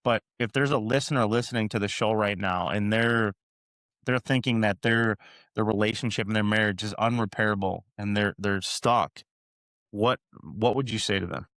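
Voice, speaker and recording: A man's voice: on the low side, normal speed, fairly bright tone, no echo. A man hosting a podcast, chatting casually about his marriage and retelling his own lines in quotes. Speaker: podcast host. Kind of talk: casual chat.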